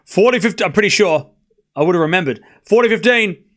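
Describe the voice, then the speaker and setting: Giving his chat live play-by-play of a tennis match, a young streamer talks fast and excitedly in a high voice. At moments he sinks into a mutter before suddenly shouting.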